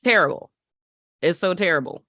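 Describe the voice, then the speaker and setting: A woman on a discussion panel, telling a story in a lively, casual way and laughing between words. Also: on the low side, moderate pace, no echo, studio quality. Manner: animated, laughs between words, uses slang.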